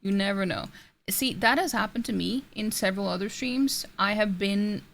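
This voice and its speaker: Gravelly-voiced woman streamer. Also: mid-range voice, moderate pace, a bit bright. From Norway. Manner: rambling, self-interrupting, laughs often. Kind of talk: casual chat reading out chat messages. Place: home streaming setup.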